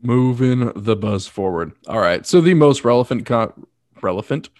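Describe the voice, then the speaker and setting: A man's voice: medium pitch, expressive, moderate pace, a little mellow, dry recording. A man co-hosting a podcast, teasing his partner with dry humor in casual chat. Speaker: podcast co-host.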